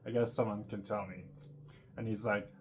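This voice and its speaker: A man's voice: on the low side, steady tone, moderate pace, a little mellow, a little hiss or hum. Chatty man musing aloud to camera. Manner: meandering, full of fillers, laughs often. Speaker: vlogger. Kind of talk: casual rambling monologue to camera.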